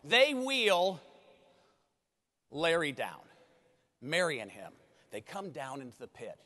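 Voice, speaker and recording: A man giving a motivational keynote speech at a conference, an animated storyteller who addresses the audience directly. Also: on the high side, slow. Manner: animated storyteller, acts out dialogue. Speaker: keynote speaker. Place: large conference hall. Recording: reverberant hall.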